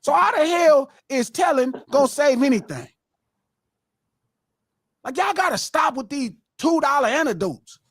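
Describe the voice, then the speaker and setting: A middle-aged man hosts a live podcast in a heated, profane lecture. His voice sits high and leaps up and down with great animation. The sound is dry and close. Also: animated, unhurried, long pauses, a bit bright, dry recording. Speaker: podcast host.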